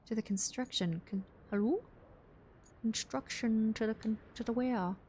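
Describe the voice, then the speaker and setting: Playful woman streamer chatting with her viewers, voice on the high side, quick giggles. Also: a little mellow, a little hiss or hum. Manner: playful, giggly, talks to chat while playing. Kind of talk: casual live-stream gaming chat.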